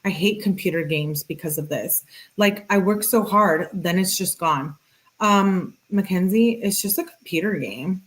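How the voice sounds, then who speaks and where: Low-voiced woman reading messages aloud. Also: unhurried. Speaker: commentary host reading text messages. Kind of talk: reading texts aloud with commentary.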